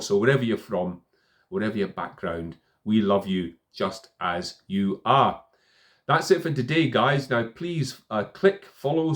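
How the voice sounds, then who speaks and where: Middle-aged male coach, low voice, casual storytelling vlog delivery. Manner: storytelling, conversational with fillers. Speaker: confidence coach. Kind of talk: casual talk to camera.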